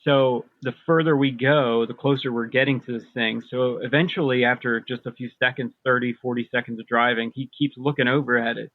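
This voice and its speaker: A man's voice: medium pitch, fairly even intonation, a little fast, hardly any pauses, no echo. A man recounting personal experiences as a podcast guest, rambling through a long story with many fillers and restarts. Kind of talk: casual storytelling. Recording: dull lo-fi dry sound.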